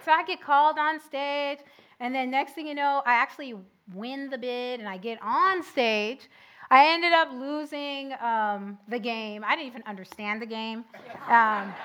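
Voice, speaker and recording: A young woman preaching a sermon, telling a personal story with lively swings between loud and soft. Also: sits high.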